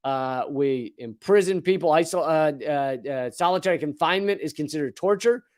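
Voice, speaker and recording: Here a man in his forties, a comedian and political commentary host, reads news items at a normal speed in a fairly high voice. His comedic monologue is sardonic and profane, full of riffing asides.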